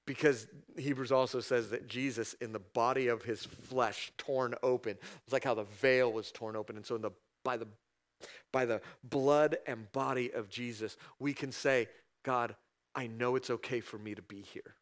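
A man delivers a sermon in a relaxed, conversational way, at a middle pitch. He reads scripture calmly and then jumps his voice up, louder and higher, to act out people's prayers and God's replies. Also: moderate pace. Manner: conversational preaching, acts out prayers in raised voice. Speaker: pastor.

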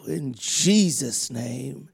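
A man preaching and praying over a person, slow and emphatic, shouting commands then softening to near whispers. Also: mid-range voice, expressive, vocal fry, breathy edge. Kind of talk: prophetic ministry and prayer.

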